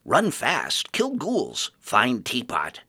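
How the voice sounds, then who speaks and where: A man's voice: mid-range voice, wildly swooping pitch, takes it slowly, bright, forceful tone, breathy edge, no room sound, voice pushed up, heavily acted. A man voicing a simple-minded male dredger servant who talks in broken short phrases. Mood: eager.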